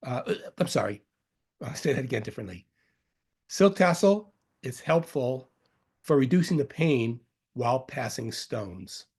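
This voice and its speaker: A man's voice: mid-range voice, lively intonation, a little slow, vocal fry, darkish tone, husky. A man from Long Island with a faint Long Island accent, teaching about medicinal herbs in a loose, rambling way, joking and correcting himself as he goes. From Long Island, New York. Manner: rambling and jokey, with self-corrections and fillers. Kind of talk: informal lecture.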